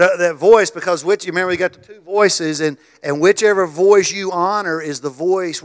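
A middle-aged male pastor preaching a sermon in a voice a touch higher than most men's. He stumbles and repeats himself, then drives his points home with rising force. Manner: repeats words and restarts, builds to loud emphatic stretches. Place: church.

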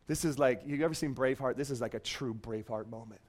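A man preaching a sermon as pastor, swinging between loud declarations and hushed, quiet asides. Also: medium pitch, fast talker.

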